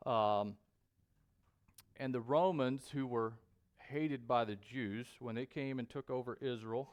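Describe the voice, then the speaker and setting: A man preaching a sermon in a church, speaking deliberately with frequent pauses and fillers. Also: medium pitch, smooth, dull audio. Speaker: pastor. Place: church sanctuary.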